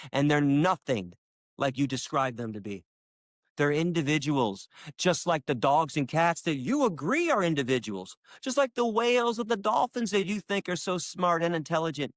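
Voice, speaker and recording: In a dry, clean studio recording, a man who lives in Michigan and campaigns for animal rights tells stories with passion during an interview. His conversational storytelling is emphatic, and he performs quoted dialogue with sudden leaps in pitch.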